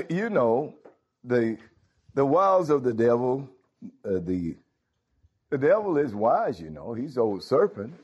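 A man's voice: a little mellow, husky. Emphatic preacher man, lo-fi. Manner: emphatic, swings to high exclamations and laughs. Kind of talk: sermon. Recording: dull lo-fi sound.

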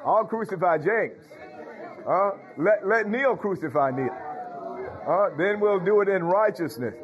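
A man's voice: high-pitched, dull audio. A man preaching as a pastor, calling out to his congregation with frequent hallelujahs. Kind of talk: sermon.

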